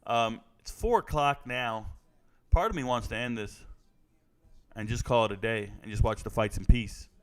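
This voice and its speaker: A man's voice: medium pitch, moderate pace, clear, resonant tone. A man reacting live to fight night in casual stream chat, joking, rambling and reading viewer comments aloud.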